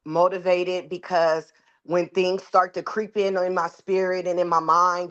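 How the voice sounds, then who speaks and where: A woman with a lower voice shares her feelings on a video call, earnest and a little halting. The call audio is dull and lo-fi. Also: a bit bright. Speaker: group member. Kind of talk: casual sharing on a video call.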